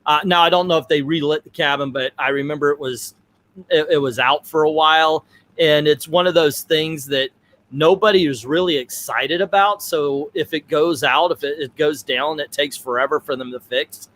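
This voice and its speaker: A man's voice: a little high, normal speed, a bit bright. Jokey man hosting a casual chat. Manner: jokey, stammers on restarts, leads the discussion. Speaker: podcast host.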